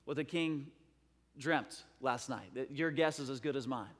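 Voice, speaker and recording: A man's voice: medium pitch, unhurried. A man preaching a sermon in a conversational, storytelling way. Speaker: pastor. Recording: long hall reverb.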